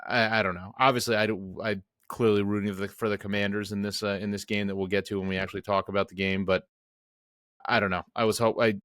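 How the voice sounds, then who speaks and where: A man's voice: on the low side, level tone, fast talker, a bit bright, no echo, clean studio sound. A man co-hosting a sports podcast, chatting casually with a rambling, self-mocking manner. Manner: rambling, self-mocking, mimics players in jokey voices. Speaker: podcast co-host.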